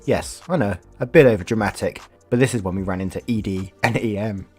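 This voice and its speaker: A man reading online stories aloud and reacting with animated asides, with faint music behind. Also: on the low side, fairly quick, slightly rough. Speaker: story reader.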